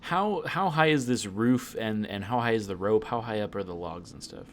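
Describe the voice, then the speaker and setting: A man's voice: on the low side, expressive, normal speed, a bit bright, a little hiss or hum. A man playing a tabletop role-playing game, thinking aloud and often repeating words as he asks questions. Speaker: player.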